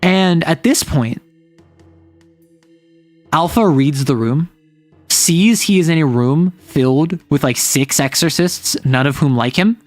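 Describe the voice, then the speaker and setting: A man's voice: fairly high pitch, expressive, slow, pauses often, no echo, soft background music. Rambling man recapping a game. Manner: rambling, many "like" fillers. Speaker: tabletop game player recapping a session. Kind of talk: casual storytelling recap.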